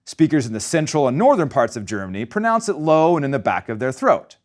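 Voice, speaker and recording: A man teaching German pronunciation in a scripted lesson, talking in a lively way and slowing down to model each sound. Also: mid-range voice.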